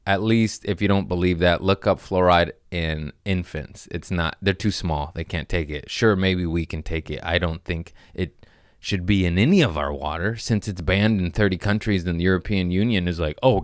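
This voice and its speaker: A man's voice: sits low, normal speed, clear, resonant tone, dry recording, studio quality. A man in his thirties hosting a podcast, rambling from topic to topic in casual chat and acting out little voices. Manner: jumps between topics, acts out voices. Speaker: podcast host, comedian.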